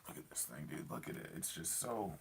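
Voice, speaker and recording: A man's voice: extremely low pitch, very animated, brisk, vocal fry, a little hiss or hum. A young man live streaming from his parked car at night, chatting casually with viewers in an enthusiastic, rambling way full of fillers and repeats. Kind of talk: casual live stream chat reading comments.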